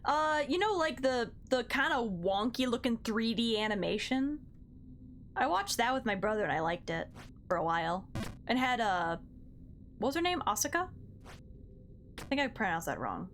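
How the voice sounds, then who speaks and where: High, lively young woman streamer. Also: moderate pace, long pauses, slight background noise. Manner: counts her jumps aloud, bubbly, talks back to chat. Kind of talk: casual live game-stream chat.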